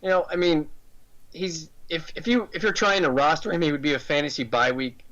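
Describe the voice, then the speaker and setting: Man, American, sports radio co-host, rapid talk, joking manner, dull lo-fi sound. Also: fairly high pitch, fairly bright tone. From United States. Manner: joking, quick analysis. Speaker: fantasy football co-host. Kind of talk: casual sports radio chat.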